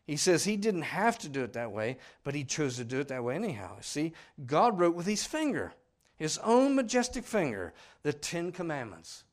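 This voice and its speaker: A man preaching a sermon, emphatic and full of questions to his listeners, swinging between loud declarations and hushed asides. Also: on the high side, big pitch swings, normal speed, hardly any pauses.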